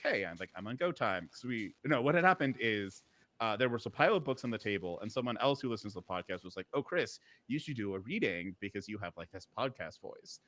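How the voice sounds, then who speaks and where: A man's voice: fairly low pitch, a bit bright. A man co-hosting a live podcast in casual chat, telling a long story with many fillers, restarts and a few laughs. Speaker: podcast co-host. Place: live podcast recording at a conference.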